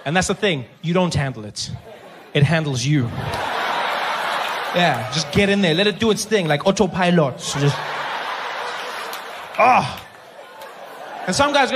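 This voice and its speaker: A man with a South African accent doing live stand-up comedy. He talks in an animated way, with big swings in his voice as he acts out characters. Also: a little high, brisk, pauses often. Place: stage before a live audience. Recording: live club recording with crowd noise and laughter. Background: audience laughter.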